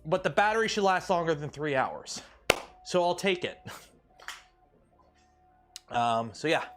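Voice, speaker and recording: Brief: man from Canada, livestream host, lively up-and-down delivery, slightly high voice, loose and jokey. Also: unhurried, over music. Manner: rambling and jokey, with many fillers and restarts. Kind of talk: casual livestream chat while building.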